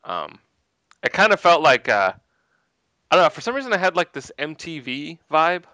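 A young man co-hosting a casual podcast, throwing in quick, wry asides. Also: a little high, very animated, bright, forceful tone, dry recording. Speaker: podcast co-host. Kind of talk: casual movie chat.

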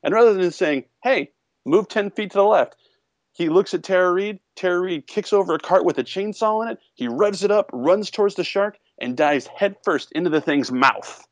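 A young man co-hosting a casual podcast, retelling a movie plot with lively, acted-out quotes. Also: high-pitched, normal speed, no echo. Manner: animated storytelling, acts out quotes in a raised voice. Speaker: podcast co-host.

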